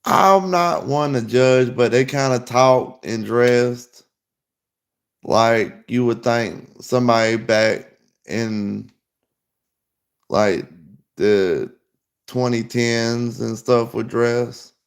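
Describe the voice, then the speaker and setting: A man's voice: medium pitch, drawn-out words, long pauses. A young man casually telling a rambling story, full of fillers. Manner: rambling, loose, lots of fillers. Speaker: podcast host.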